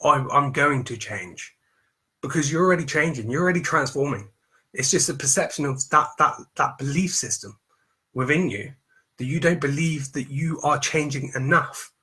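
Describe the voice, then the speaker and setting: Bright-voiced motivational man. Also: fairly high pitch, moderate pace. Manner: emphatic and repetitive, preaching self-affirmation. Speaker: mindset coach. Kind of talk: motivational live stream talk.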